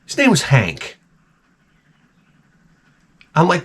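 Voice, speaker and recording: A man's voice: medium pitch, lively intonation, moderate pace, a bit bright. A middle-aged man ranting sarcastically through a casual story, mimicking the people in it. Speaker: vlogger.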